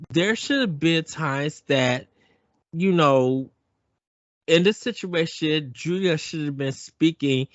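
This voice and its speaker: A man's voice: a little high, fairly bright tone, dry recording, dull audio. A man hosting a casual podcast discussion, often restarting his sentences and repeating words as he thinks aloud. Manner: halting, repeats words when starting thoughts. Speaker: podcast host.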